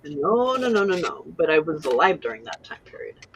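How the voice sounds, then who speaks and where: A woman's voice: sits low, sing-song, a little fast. A woman in her sixties from California, chatting and laughing easily with friends. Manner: giggly, easygoing. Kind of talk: casual chat. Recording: muffled, noisy call audio.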